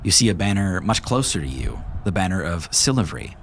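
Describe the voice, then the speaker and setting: Deep-voiced male game master narrating. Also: big pitch swings, fairly quick, slight background noise.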